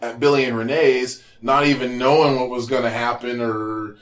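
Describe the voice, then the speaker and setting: Laid-back profane Kansas-raised musician. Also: male voice, medium pitch, fairly even intonation, moderate pace. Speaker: musician guest. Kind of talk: casual podcast chat.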